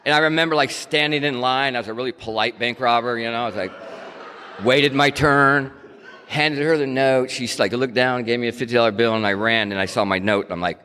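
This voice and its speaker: A man's voice: mid-range voice, fairly even intonation, quick pace, hardly any pauses, bright, forceful tone, smooth. A man telling his own recovery story in a candid, wry, self-mocking way, like a speaker at a meeting. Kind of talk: casual storytelling talk. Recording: hall reverb.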